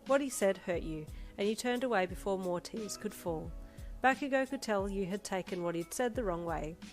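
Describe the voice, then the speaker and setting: A woman narrating a fan fiction story in an expressive second-person reading. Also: medium pitch, moderate pace, soft background music. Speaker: audiobook narrator.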